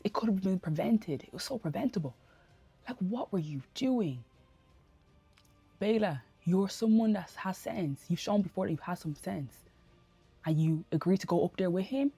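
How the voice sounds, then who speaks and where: A woman giving a casual spoken TV review into a phone camera, ranting in an animated, exasperated way full of slang. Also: lowish voice, husky. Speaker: TV review vlogger. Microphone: phone camera held close.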